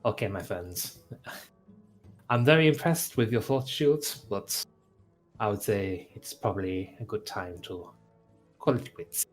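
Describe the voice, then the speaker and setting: Quiet, polite gentleman in a fantasy tabletop game, played by a man. Lowish voice. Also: measured pace, long pauses, faint music behind, close to an everyday voice. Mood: soothing.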